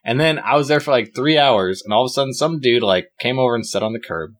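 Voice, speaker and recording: A man's voice: mid-range voice, expressive, fast. A young man telling a rambling story to friends, swearing freely and acting out quotes. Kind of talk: casual chat with friends.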